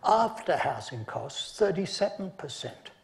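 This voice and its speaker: A man delivering an academic conference lecture, his voice sitting a touch high with a gravelly edge. He speaks in a measured way and slips in dry asides between his points. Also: sing-song.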